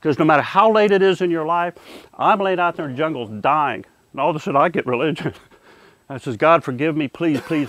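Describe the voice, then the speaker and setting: An older man telling a personal testimony in an earnest, halting way, often repeating words and dropping quieter at serious points. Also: no room sound. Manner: halting, repeats words while searching for them; earnest, softens and drops low at serious moments. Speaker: war veteran recounting a near-death experience.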